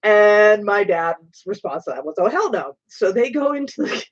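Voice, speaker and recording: A woman hosting a stream, telling a story in a casual, animated way with some swearing. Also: mid-range voice, moderate pace, lo-fi sound. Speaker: streamer host. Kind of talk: casual storytelling while painting.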